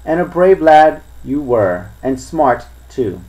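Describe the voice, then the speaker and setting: A man reading the part of a crafty older male pirate who coaxes and lectures his crew in rough sea talk. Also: mid-range voice, sing-song, slow, warm tone, poor audio. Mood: boastful.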